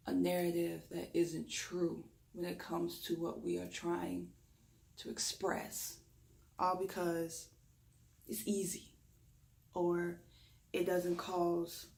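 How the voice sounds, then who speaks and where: A woman with a Southern drawl speaks in a low, gravelly voice with a slight lisp. She is a reiki practitioner giving a reflective talk, reining in her quick pace so she speaks slowly and deliberately. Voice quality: deep raspy voice. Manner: talks fast when excited, deliberately slowing down. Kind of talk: spoken reflection during a reiki session.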